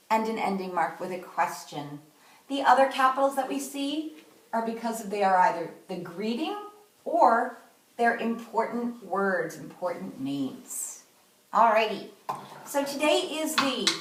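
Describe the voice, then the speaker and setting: Brief: woman kindergarten teacher, fairly high voice, careful instructive delivery, recorded a bit off-mic. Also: a bit bright, distant mic. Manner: slow, clear, instructive delivery. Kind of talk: remote classroom lesson. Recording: echoey room, voice from off-mic.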